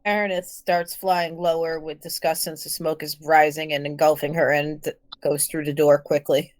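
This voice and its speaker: A woman's voice: low-pitched, little pitch movement, moderate pace, no room sound. A woman playing a tabletop game, plainly describing what her character does. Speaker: player.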